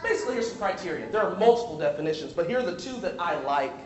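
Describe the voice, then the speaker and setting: A man's voice: high-pitched, lively intonation, very fast. A man preaching a sermon in a church, calling on the congregation to repeat words and slipping into colloquial asides. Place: large church hall. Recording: echoey hall.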